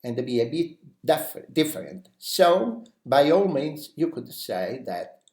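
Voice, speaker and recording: Slow-paced male English teacher. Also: medium pitch. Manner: acts out example phrases in a lively way; uses many "you know" fillers. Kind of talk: language lesson. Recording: roomy echo.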